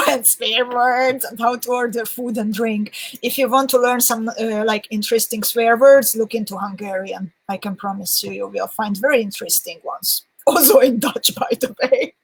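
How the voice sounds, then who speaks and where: A woman hosts a live crafting stream in a relaxed, chatty way, working through viewer comments one by one. Her voice sits a little high and has a soft, breathy edge. She takes her time and laughs easily between the names she reads. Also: moderate pace, poor audio. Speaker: host of live beading sessions. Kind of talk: casual livestream chat.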